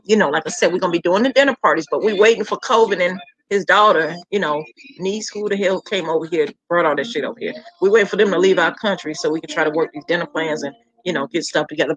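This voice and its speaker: A woman's voice: medium pitch, a bit bright, husky, low-quality recording. A woman hosting her home cooking channel, chatting casually and folksily with viewers and calling them honey and child.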